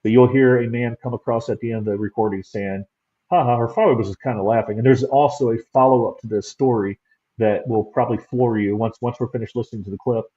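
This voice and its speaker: A man's voice: medium pitch, fairly even intonation, fast, dark tone. Rambling man telling a ghost story, dull audio. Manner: rambling, repeats words as he recounts. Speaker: paranormal investigator guest. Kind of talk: casual storytelling chat.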